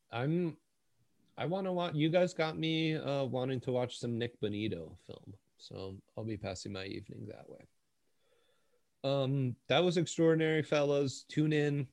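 A man's voice: mid-range voice, darkish tone, no echo. Laid-back man hosting a sports podcast. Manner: laid-back, laughs often, dry sarcasm. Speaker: podcast host. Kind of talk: casual sports chat.

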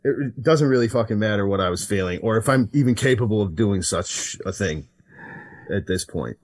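A man's voice: on the low side, lively intonation, normal speed. A man on a casual podcast chat as a guest, crass and sardonic, swearing constantly. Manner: sardonic and joking.

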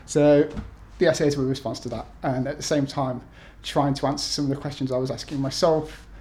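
A man's voice: mid-range voice, steady tone, fairly quick, a little mellow. A man in his thirties from the UK, an author talking to an event audience with many ums and restarts, then reading his essays aloud. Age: 30s.

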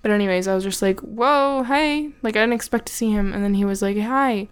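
A woman's voice: mid-range voice, little pitch movement, racing, a little mellow, clean tone. A young woman chatting casually on a podcast, telling a story in a frank, swearing, laughing manner. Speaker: podcast guest, host's fiancée.

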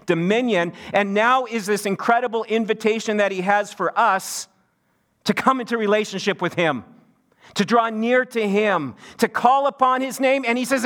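A middle-aged man preaching a sermon in a church, his voice swinging from soft low passages up to emphatic peaks. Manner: wide pitch swings, rising to emphatic peaks. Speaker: pastor.

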